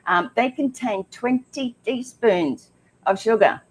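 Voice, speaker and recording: A woman's voice: fairly high pitch, takes it slowly. A woman co-hosting a casual health talk show, chatty and emphatic with frequent ums. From Australia.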